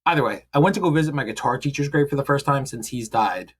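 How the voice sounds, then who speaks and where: A man's voice: medium pitch, fast, husky. A man hosting a podcast in casual chat, joking and swearing as he rambles through a story. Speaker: podcast host.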